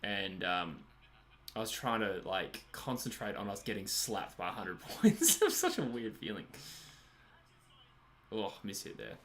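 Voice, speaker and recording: A man's voice: on the low side, very animated, a little slow, fairly bright tone, a little hiss or hum. An Australian man hosting a live stream, chatting casually while watching a match, laughing often and answering viewers' comments. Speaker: livestream host.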